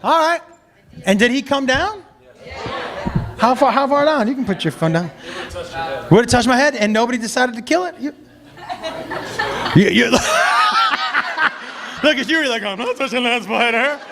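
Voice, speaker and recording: A man telling a story on stage as a stand-up comedian and joking with the crowd, jumping between shouts and mutters. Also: very high voice, lively intonation, normal speed, vocal fry, long pauses, very noisy. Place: large hall with a live audience.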